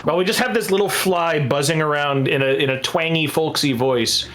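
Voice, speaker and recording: A man's voice: a little high, fairly quick, fairly bright tone. Dry sarcastic man. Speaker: player. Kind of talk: casual tabletop game chat.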